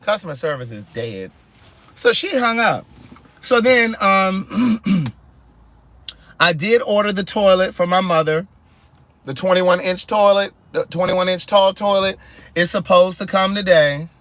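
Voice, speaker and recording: A man tells a fed-up customer service story in a casual car vlog. His voice is bright and forceful, pitched a bit high, with dry, close sound. He is sassy and theatrical, mimicking both sides of the phone call. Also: unhurried, dry recording. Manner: animated, acts out both sides of phone calls; sassy, exasperated. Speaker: vlogger telling a story. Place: inside a car.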